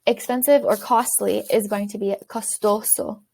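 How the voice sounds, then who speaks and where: A woman teaching beginners in a self-recorded video lesson, repeating words slowly and clearly for learners. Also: medium pitch, steady tone, darkish tone. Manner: clear, slow repetition for learners. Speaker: language teacher.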